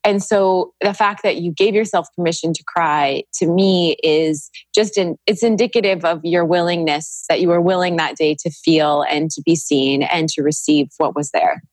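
Podcast guest: woman, low-pitched, earnest and reflective, close dry mic. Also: moderate pace, few pauses, darkish tone, no echo. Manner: earnest, reflective, spiritual wording. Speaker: podcast guest, Reiki practitioner. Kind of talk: casual podcast conversation.

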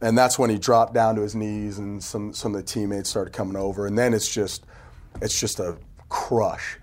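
A man telling stories in a casual podcast chat, animated and laughing often, acting out what people said. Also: fairly low pitch, normal speed. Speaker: team PR executive telling stories. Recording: phone interview audio.

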